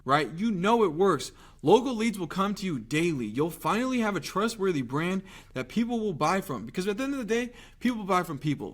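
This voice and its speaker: A young man talking straight to the viewer in a lively, conversational sales pitch, tossing out rhetorical questions. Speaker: marketing agency owner pitching local businesses. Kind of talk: direct-to-camera sales pitch.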